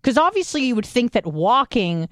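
A woman's voice: on the high side, sing-song, moderate pace, fairly bright tone, no echo, clean studio sound. A woman co-hosting a podcast, chatting casually, swearing freely and thinking aloud with restarts. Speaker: podcast co-host. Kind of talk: casual chat.

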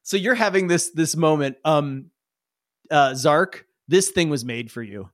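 A man's voice: a little high, animated, a little slow, fairly bright tone, dry recording, clean studio sound. A man narrating as game master of a tabletop role-playing game, chatty, laughing, and full of fillers.

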